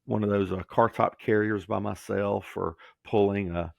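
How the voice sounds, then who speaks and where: A man's voice: fairly low pitch, moderate pace, vocal fry, no echo, clean studio sound. A middle-aged man from Georgia, telling his life story as a guest and acting out the voices of people in it. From Georgia, USA. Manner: animated storyteller who acts out quoted voices. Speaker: guest, former pro wrestler. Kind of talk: storytelling interview.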